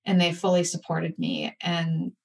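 A woman guest in an interview, telling a personal story candidly and with animated, acted-out asides. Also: lowish voice, a little slow, recorded from a distance. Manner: candid, animated retelling with acted-out inner voices.

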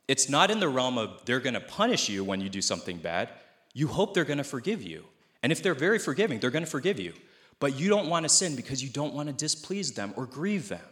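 Bright-voiced man preaching a sermon. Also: medium pitch. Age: 30s. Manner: conversational, self-deprecating, with restarts. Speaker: pastor.

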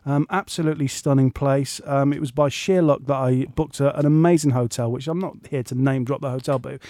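A man's voice: mid-range voice, steady tone, fairly quick, mellow, dry recording, clean studio sound. A man co-hosting a podcast, telling long rambling holiday stories in casual chat with self-deprecating asides. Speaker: podcast co-host.

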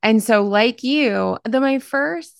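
A middle-aged woman from Southern Ohio hosting a podcast, talking in an effusive, expressive way. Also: fairly high pitch, takes it slowly, creaky, clear, resonant tone, no room sound, studio quality. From Southern Ohio, Appalachia. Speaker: podcast host. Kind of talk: conversational interview.

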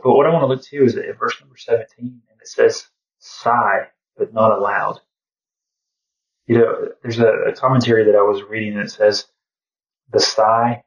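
A man leading an informal Bible study, talking in a reflective, conversational way and often saying "you know". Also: fairly low pitch. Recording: distant, dull lo-fi sound.

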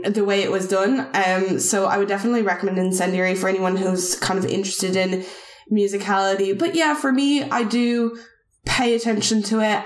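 Woman podcaster in a roomy echo. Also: mid-range voice. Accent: non-native English. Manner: rambling, many fillers and restarts. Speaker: podcast co-host. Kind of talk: casual chat.

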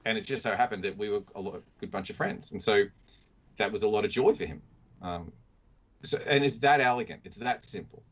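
A man's voice: fairly low pitch, a little fast, fairly bright tone. A man, a mindset consultant, telling a story in casual conversation and acting out the quotes in a raised voice. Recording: dull lo-fi sound.

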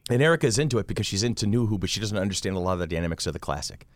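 Fast-talking, excitable male podcast host. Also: fairly low pitch, dry recording, studio quality. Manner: excitable, animated storyteller. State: fighting off a cold. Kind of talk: casual group chat.

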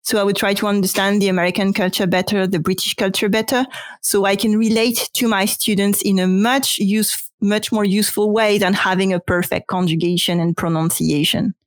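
A woman whose first language is French, a French teacher explaining her views in a thoughtful, unhurried way with frequent ums. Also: medium pitch, fairly even intonation, dry recording. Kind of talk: casual panel conversation.

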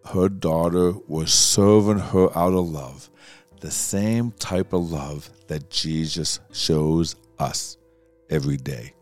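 A man preaching a sermon, telling a story slowly and deliberately with pauses. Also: low-pitched, a little mellow.

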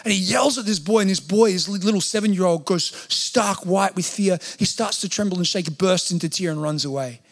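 A man's voice: sits high, a little fast, hardly any pauses. A man preaching a sermon in a church, talking earnestly and conversationally and acting out quotes. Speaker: pastor. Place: church hall.

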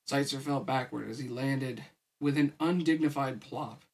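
A man's voice: mid-range voice, moderate pace, husky. Tired man reading a story aloud. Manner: casual, weary asides. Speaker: podcast host reading a novel. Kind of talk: audiobook-style story reading.

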